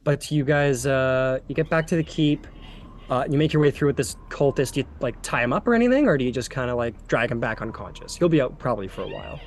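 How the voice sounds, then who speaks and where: A man's voice: mid-range voice, expressive, fast talker, a little hiss or hum. A man narrating as game master in a tabletop game, talking casually and loosely. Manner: casual, rambling with fillers.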